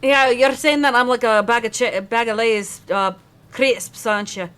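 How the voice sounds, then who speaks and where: Playful, slightly high-voiced woman player. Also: steady tone, moderate pace, a bit bright, clear, resonant tone. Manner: playful, teasing banter. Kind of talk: playing a tabletop game, live stream.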